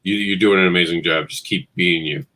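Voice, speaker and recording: A middle-aged man from Queens chats as a guest on a comics stream. His voice is low-pitched yet bright, and he tells stories in an easy, self-mocking way. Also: steady tone, fairly quick. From Queens, New York. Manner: friendly storyteller, self-deprecating. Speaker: guest comics writer and publisher. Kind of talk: casual interview chat.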